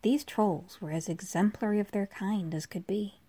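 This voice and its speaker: A woman narrating a fairy tale in a soft voice that at times drops to a whisper. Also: lowish voice, unhurried, few pauses, breathy edge. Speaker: storyteller.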